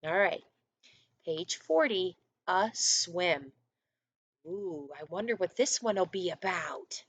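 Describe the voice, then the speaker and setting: A woman first grade teacher reading a storybook aloud to her class, animated and coaxing, with little asides to the children. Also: on the low side, takes it slowly, slightly rough, no echo.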